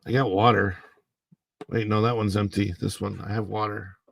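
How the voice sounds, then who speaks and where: Speaking close into a clip-on mic under his face, this middle-aged man runs a laid-back home livestream, drowsily rambling and using lots of fillers while welcoming people in chat. His voice is on the low side, level, creaky and slightly bright.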